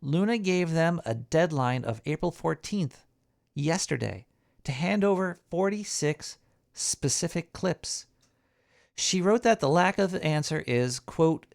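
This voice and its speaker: Gravelly goofy radio host man. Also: a little high. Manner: goofy, fiddles with voice effects. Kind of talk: comedic radio banter and news reading.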